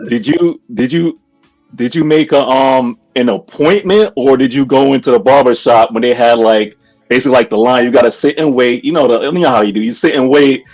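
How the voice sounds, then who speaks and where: A man's voice: medium pitch, a little fast, darkish tone, highs cut off, soft background music. A man casually chatting on a podcast, telling stories with lots of laughing and expression. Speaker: podcast guest. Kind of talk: casual chat.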